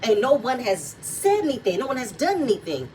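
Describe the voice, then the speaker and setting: A woman with a mellow, higher-than-average voice and big pitch swings recaps a reality show at a brisk clip. Her casual reaction commentary is blunt, profane, and heated, recorded on a distant mic with faint noise.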